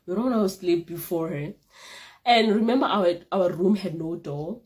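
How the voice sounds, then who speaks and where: A young woman vlogger telling a casual storytime tale, animated and repeating phrases for emphasis. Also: mid-range voice, a little slow.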